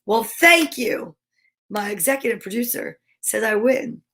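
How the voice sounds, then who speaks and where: A woman's voice: on the high side, expressive, measured pace, noisy background. A woman hosting a live-stream show, chatting bubbly with viewers and greeting them by name. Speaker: host. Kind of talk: casual live-stream chat.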